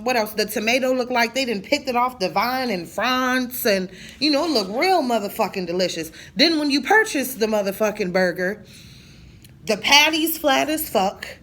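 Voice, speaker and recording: A woman's voice: fairly high pitch, fairly bright tone. A woman in her thirties venting in a casual monologue, blunt and profane, telling her story with jokes. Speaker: vlogger.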